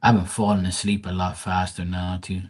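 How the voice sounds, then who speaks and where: A man with a low, husky voice chats loosely on a live stream. He reads tarot cards for viewers and calls out their names as he goes. His talk is casual and sprinkled with mild swearing. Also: flat delivery, normal speed.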